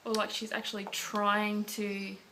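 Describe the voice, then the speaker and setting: Aussie mum vlogging, chatty, rambly with lots of "like"s, slow easy pace. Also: female voice, mid-range voice, monotone, pushed and bright, slight background noise. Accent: Australian. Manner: chatty, rambling with many fillers. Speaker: parenting vlogger. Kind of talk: casual chat to camera.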